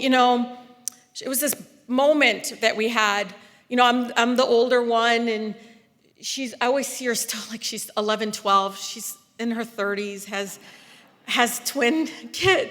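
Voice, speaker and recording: Woman giving a fired-up speech, bright sharp voice, big echoey hall. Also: fairly high pitch. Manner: impassioned, rising to loud emphatic peaks. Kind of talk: political speech at a rally. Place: large hall. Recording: long reverb of a large hall.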